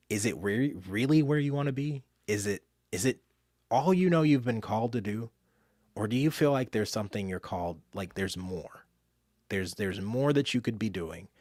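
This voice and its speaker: A man telling a personal story in an animated way, dropping to a hush and jumping up loud when he acts out what others said. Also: fairly low pitch, no room sound, clean studio sound. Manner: animated, jumps from hushed to loud mimicry. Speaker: speaker and author.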